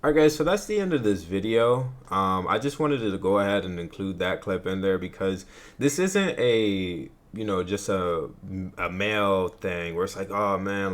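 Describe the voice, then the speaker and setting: A man hosting a vlog, giving his opinions in relaxed, conversational commentary. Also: lowish voice. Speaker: vlog host. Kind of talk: casual commentary.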